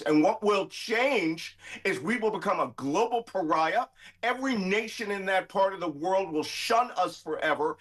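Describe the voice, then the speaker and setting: A middle-aged man, a guest commentator arguing emphatically in a heated debate. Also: high voice. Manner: emphatic, forceful.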